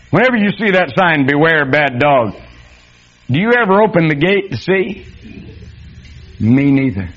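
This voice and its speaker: A man preaching a sermon, reading scripture and then speaking in a folksy, dramatic way that swings between loud and hushed. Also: high-pitched. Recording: dull lo-fi sound.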